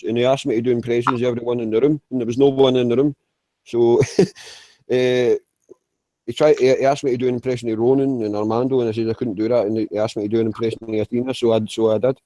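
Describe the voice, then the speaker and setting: Talking fast in a level, mellow, mid-range voice with no echo, a man hangs out in an online voice room as one of its regulars. The group chat is casual, and he curses freely, laughs often, and rambles with frequent restarts.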